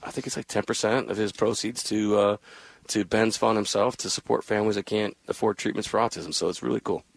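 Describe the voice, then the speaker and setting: A man's voice: lowish voice, fairly even intonation, a little fast, gravelly, no room sound. A middle-aged man, a football team's general manager, chatting in a radio interview in a rambling way, with many restarts. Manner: rambling, with many restarts, and laughs while telling family stories. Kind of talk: casual radio interview chat.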